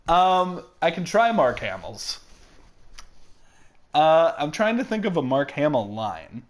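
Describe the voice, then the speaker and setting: A woman's voice: low voice, very animated, a little slow. A woman hosting a casual let's play, chatty and self-deprecating, giggling between lines. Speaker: host reading game dialogue.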